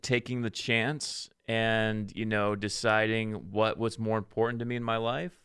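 A man's voice: lowish voice, little pitch movement, unhurried, fairly bright tone, clear, resonant tone. A man co-hosting a podcast, playful and easy in casual banter. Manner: playful, laughing. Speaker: podcast co-host.

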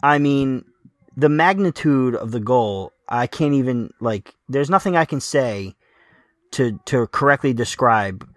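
A man's voice: mid-range voice, expressive, dry recording, studio quality. Emotional man on a football podcast. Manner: emotional, halting, many restarts. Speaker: podcast co-host, Napoli fan. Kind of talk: casual football podcast chat.

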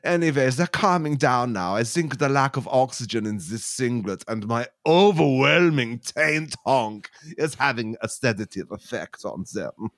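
Man doing a squeaky giddy kitten-keeper. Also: measured pace, hardly any pauses, no room sound, studio quality. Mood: flustered. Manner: high, excitable, flustered. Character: giddy fussy man with kittens in his singlet.

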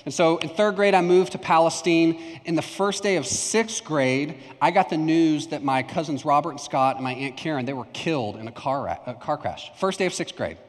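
A man's voice: a little high, normal speed, hardly any pauses. A young adult male pastor from Texas preaching a conversational sermon, telling a personal story and acting out remembered lines. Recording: long hall reverb.

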